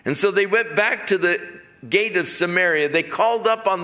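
A man's voice: sits high, moderate pace, pushed and bright. A man preaching a sermon, retelling a story and acting out the characters in it.

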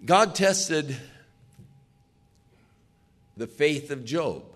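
A man's voice: on the high side, expressive, extremely slow, a bit bright. An older man preaching a sermon in an earnest, emphatic way, putting questions to his listeners.

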